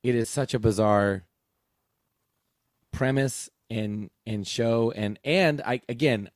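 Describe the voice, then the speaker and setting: A man in his thirties chatting casually as a podcast co-host, telling lively stories and jumping up in pitch when he quotes people. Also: slow, dry recording, studio quality. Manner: animated storyteller, jumps high when quoting others. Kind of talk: casual chat.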